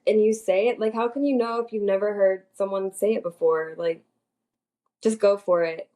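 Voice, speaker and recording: A woman's voice: mid-range voice, fairly even intonation, normal speed, dark tone. A woman co-hosting a casual podcast with friends, chatting loosely and filling her sentences with "like". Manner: chatty, heavy on "like". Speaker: podcast co-host. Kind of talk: casual chat among friends.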